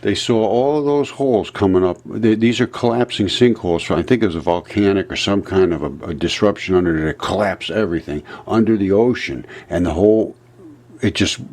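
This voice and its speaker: A man hosting his own channel, talking through his theories in a rambling, emphatic monologue that swings between low mutters and heated, aggrieved outbursts. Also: moderate pace, a little mellow. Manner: speculative, free-associating, restarts mid-thought. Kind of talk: rambling screen-share monologue.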